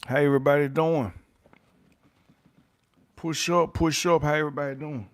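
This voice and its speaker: A man's voice: a little high, fairly even intonation, moderate pace. Catchphrase-repeating male livestream host. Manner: repeats catchphrases, reads chat names aloud, chuckles often. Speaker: YouTube channel host. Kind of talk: livestream chat with viewers.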